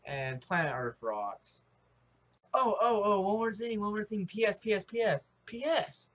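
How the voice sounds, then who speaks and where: A young man from the United States rambling excitably in a casual opinion vlog, full of restarts and fillers. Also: high voice, measured pace. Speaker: vlogger.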